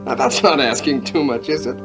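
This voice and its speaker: An actor playing a coaxing, scheming boyfriend in a 1980s TV soap opera. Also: male voice, mid-range voice, fairly quick, music in the background, natural voice. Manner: coaxing, persuasive. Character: smooth-talking scheming boyfriend, Clipper.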